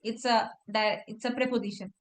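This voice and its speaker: A woman's voice: on the high side, steady tone, a little fast, echoey room. A woman teaching French one-on-one, explaining patiently step by step with examples. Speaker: French tutor. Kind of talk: one-on-one language lesson. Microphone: online class.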